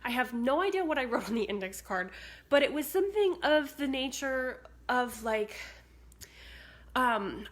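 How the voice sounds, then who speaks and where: Bubbly chatty woman, fairly high voice. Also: animated, moderate pace. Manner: chatty, bubbly, says "like" a lot. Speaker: spiritual vlogger. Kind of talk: casual talk to camera. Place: indoors at a house with cats. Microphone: phone camera.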